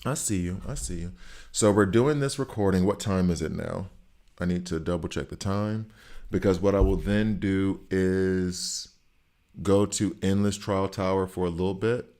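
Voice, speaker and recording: A man's voice: deep voice, moderate pace, warm tone. A man casually chatting with his viewers as he plays a game on stream, thinking aloud about stats and choices. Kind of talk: casual live-stream commentary while playing.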